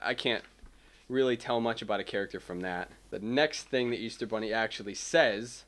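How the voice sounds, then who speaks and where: A man's voice: lowish voice, moderate pace, a bit bright. A man, an independent animator, talking casually and explaining his process into a cheap desk microphone at home. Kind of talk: casual vlog talk.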